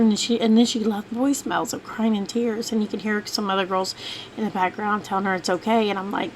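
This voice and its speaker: A woman's voice: medium pitch, fairly even intonation, a little fast, slight background noise, rough recording. A woman telling a long, rambling personal story as a mother in a casual vlog, with many fillers and restarts. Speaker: vlogger, mother.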